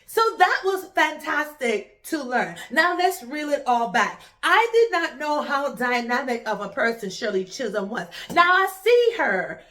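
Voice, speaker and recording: A Jamaican woman talks through a film she just watched, her voice high and bright. She is chatty and animated, often repeating words for emphasis as she reviews it. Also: unhurried, few pauses. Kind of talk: casual spoken film review.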